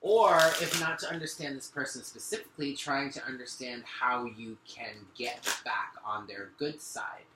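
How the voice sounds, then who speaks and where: A man's voice: medium pitch, moderate pace, few pauses, heavy background noise. A man giving a spoken tarot reading, talking earnestly and directly to the listener while shuffling and laying out cards. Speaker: tarot reader. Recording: echoey room.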